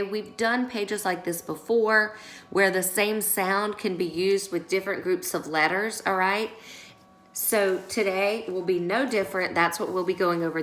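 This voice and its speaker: A woman's voice: fairly low pitch, fairly bright tone, reverberant, rough recording. A woman teacher giving a recorded lesson, explaining workbook pages patiently and often checking in with her class. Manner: patient, instructive, frequent check-ins.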